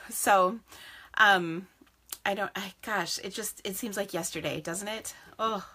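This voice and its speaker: A woman's voice: mid-range voice, sing-song, slow, sharp tone, breathy edge. A woman in her forties, a craft business host, chatting casually on a live stream, greeting viewers by name and laughing often.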